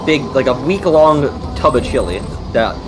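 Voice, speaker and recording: A man's voice: medium pitch, very animated, moderate pace, over music. A young man chatting casually, telling a profane, rambling story full of fillers. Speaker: streamer. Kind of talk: casual chat. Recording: noisy background.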